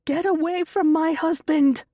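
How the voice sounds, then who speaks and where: A woman's voice: sits high, a little slow, darkish tone, no echo, clean studio sound, pitched above the performer's own voice. A woman narrator voicing an older mother who shrieks frantically during a night terror in an audiobook. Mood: frantic screaming.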